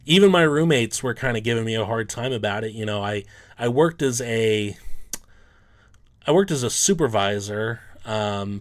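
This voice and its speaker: A sports card collector, a man, telling a personal story in a loose, rambling way, full of "um" and "you know". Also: lowish voice.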